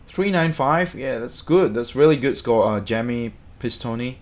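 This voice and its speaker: A man chatting casually on a live stream, reading out viewer comments in an excitable, talkative way. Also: medium pitch, moderate pace.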